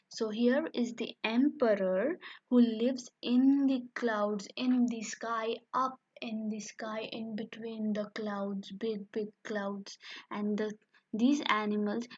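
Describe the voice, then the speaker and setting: Slow, husky woman teacher reading aloud. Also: a little high, muffled recording. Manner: slow, repeats and explains words. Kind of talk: storybook reading for young children.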